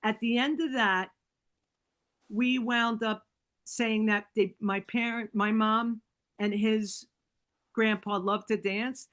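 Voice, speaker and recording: A woman guest on a podcast telling personal stories in a casual way, acting out what people said and leaning on "like" and "right?". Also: medium pitch. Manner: animated, acts out quoted dialogue; fillers like "like" and "right?".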